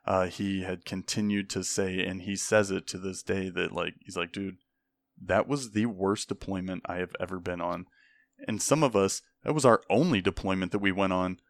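A man's voice: low voice, normal speed, no room sound. A young man, an army veteran, telling stories casually and acting out the people he quotes, with frequent swearing. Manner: animated, acts out the people he quotes, swears often. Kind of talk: casual storytelling.

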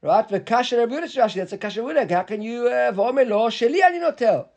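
Animated high-voiced man teaching Talmud. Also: very fast. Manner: animated, stumbling restarts, mixes Hebrew and Aramaic terms. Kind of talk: daily Gemara class.

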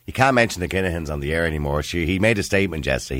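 An Irish man co-hosting talk radio, quick, wry and chatty. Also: sits low, animated, a bit bright, no room sound, studio quality.

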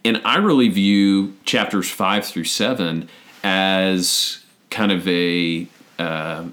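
A man's voice: low-pitched, steady tone, takes it slowly, a bit bright. A man hosting a conversation about scripture, explaining his thinking step by step. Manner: thoughtful, explains step by step, frequent restarts. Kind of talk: casual theological discussion.

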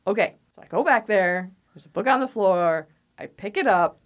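A woman's voice: medium pitch, expressive, moderate pace. A woman co-hosting a casual chat, telling stories with frequent laughs and acted-out quotes. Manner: laughs often, acts out quoted voices. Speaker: podcast co-host telling ghost stories.

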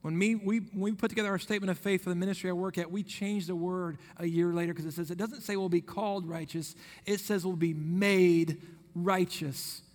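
A man's voice: high-pitched, fairly even intonation, fast talker, hardly any pauses, a little mellow. A man, preaching a sermon and telling a personal story between scripture quotes. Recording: long reverb of a hall.

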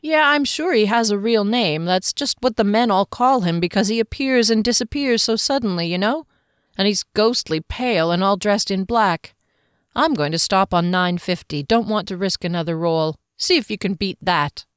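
A woman's voice: mid-range voice, moderate pace, clear, resonant tone, dry recording, studio quality, voice pushed up, natural voice. A woman voicing a blunt, casual-talking male soldier with slangy, wry speech.

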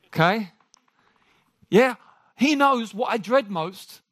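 A man preaching a sermon to a congregation. He jokes with the room and talks in an animated way. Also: high-pitched, moderate pace, long pauses, dry recording.

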